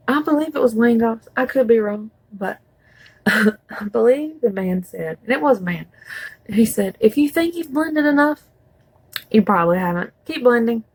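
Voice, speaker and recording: Woman, casual beauty vlog chat, gravelly, dry close sound. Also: mid-range voice, a little mellow, no room sound, rough recording. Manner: chatty, rambling, folksy asides. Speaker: beauty vlogger. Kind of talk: casual makeup tutorial chat.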